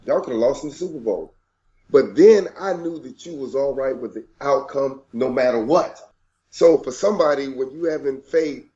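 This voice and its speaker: A man's voice: medium pitch, warm tone, lo-fi sound. A man co-hosting a talk show, talking about faith in an earnest, reflective way. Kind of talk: casual chat.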